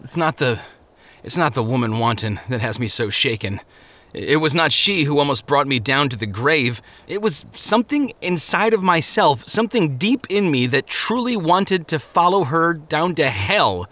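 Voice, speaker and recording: A man's voice: fairly high pitch, very animated, moderate pace, pushed and bright, voice pushed up. A man voicing a weary, shaken male pilgrim in an audiobook drama, speaking earnestly. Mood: anguished. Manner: earnest, anguished.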